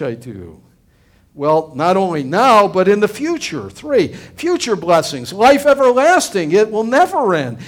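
A middle-aged man preaching to his congregation in a loose, conversational way. His voice sits high for a man and rises and falls a great deal. He circles back over his words with many restarts as he makes his point earnestly. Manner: earnest, rambling, frequent restarts and fillers. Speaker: pastor. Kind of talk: conversational sermon.

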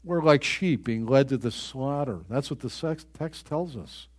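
A man preaching a sermon, reading scripture aloud with earnest emphasis and pausing to find passages. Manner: earnest, rises in pitch and volume on emphatic scripture lines.

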